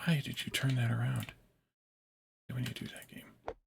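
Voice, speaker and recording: A man's voice: mid-range voice, flat delivery, creaky, slight background noise. A man hosting a game stream, talking easily with friends over voice chat and often restarting his sentences. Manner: easygoing, chatty, with halting restarts. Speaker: host streamer. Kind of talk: casual voice chat while gaming. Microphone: voice chat mic.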